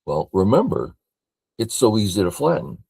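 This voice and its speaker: An older man from California reviewing a board game as a teacher, thinking aloud in a slow, matter-of-fact way. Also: lowish voice, sing-song, vocal fry, darkish tone, breathy edge, dry recording.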